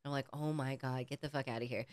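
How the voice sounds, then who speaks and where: A woman co-hosting a podcast, telling a story in casual, animated chat and swearing freely. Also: rumbling low, quick pace, no echo, studio quality. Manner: animated, profane, acts out quoted people. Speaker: podcast co-host.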